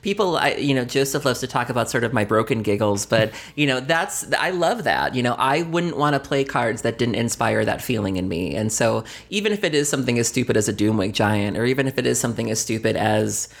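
A woman's voice: extremely low pitch, animated, fairly quick, gravelly, hardly any pauses. A woman co-hosting a podcast, chatting enthusiastically and laughing often. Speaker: podcast co-host. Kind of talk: casual chat.

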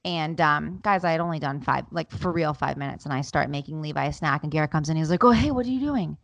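A woman's voice: low-pitched, fast, vocal fry, no echo. A woman in her thirties, a podcast co-host, telling a story with lots of fillers and acting out voices. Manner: animated, acts out quoted voices, lots of fillers. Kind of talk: casual chat, storytelling.

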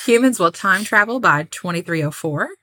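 A woman's voice: lowish voice, lively intonation, normal speed, sharp tone. A woman co-hosting a casual podcast, reading out a list of predictions with wry asides. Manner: chatty, reads out lists with wry asides. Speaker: podcast co-host.

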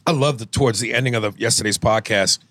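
A man's voice: medium pitch, fast, a bit bright. A man hosting a podcast in casual banter, reading listener emails in a brash, profane, teasing way. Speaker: podcast host.

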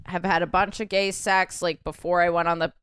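A woman co-hosting a podcast, chatting fast and joking about herself through laughter. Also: lowish voice, level tone, a bit bright, smooth, no echo. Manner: quick, laughing and self-mocking. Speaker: podcast co-host. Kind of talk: casual podcast banter.

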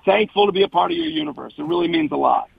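A man's voice: high-pitched, wildly swooping pitch, very fast, gravelly, breathy edge, no echo, phone-quality sound. A male comedian guest in casual chat, talking in an earnest, emotional, rambling way.

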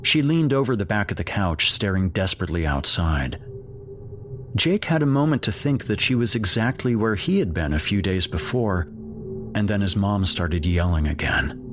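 A man narrating a scripted horror story in a steady, measured way. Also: sits low, soft background music.

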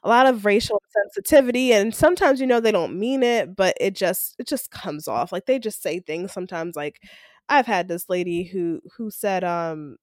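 A woman co-hosting a podcast, telling a workplace story in casual chat and acting out the people in it with lively voices. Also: mid-range voice, moderate pace, no echo, studio quality. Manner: animated, acts out quoted coworkers. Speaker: podcast co-host.

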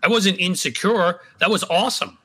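A man on a political panel with a very bright, forceful tone and a slightly high voice. He talks bluntly and emphatically, stacking and repeating phrases to drive each point home. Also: moderate pace, slightly rough. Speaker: panel guest.

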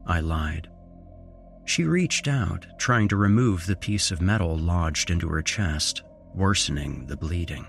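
Deep-voiced male horror narrator. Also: animated, creaky, faint music behind. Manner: measured storytelling with dramatic rises in intonation. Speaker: host and narrator.

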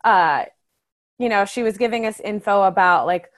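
A young woman co-hosting a chatty podcast, her voice sitting at an ordinary middle pitch. She talks in loose, rambling sentences full of "like" and "I mean", keeping an easygoing tone throughout. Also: normal speed. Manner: chatty, many fillers. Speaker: podcast co-host. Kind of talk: casual chat.

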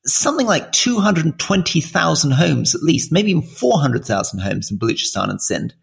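A man's voice: on the high side, big pitch swings, fairly quick, creaky. A man in his forties co-hosting a political podcast, explaining things in an earnest, thoughtful way. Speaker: podcast co-host. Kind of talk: casual political chat.

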